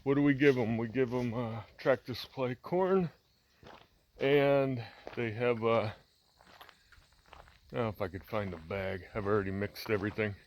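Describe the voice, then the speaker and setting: At normal speed but with long pauses, a medium-pitched man walks outdoors and talks about his farm chores on a handheld camera, with slight background noise. The farmer vlogger keeps it casual and rambling, with plenty of fillers and restarts.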